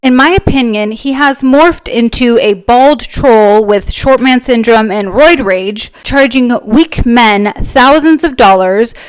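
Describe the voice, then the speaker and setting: A woman's voice: on the high side, slow pace, few pauses, clean tone, no room sound. A woman hosting an opinionated commentary video, speaking in a blunt, scornful, outspoken way. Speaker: commentary channel host.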